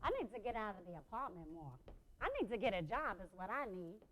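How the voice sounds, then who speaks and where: A woman's voice: medium pitch, animated, fast, a bit bright, slight background noise, lightly acted. An actress playing a sassy, outspoken mother of five in a one-woman stage play, talking bluntly in streetwise slang.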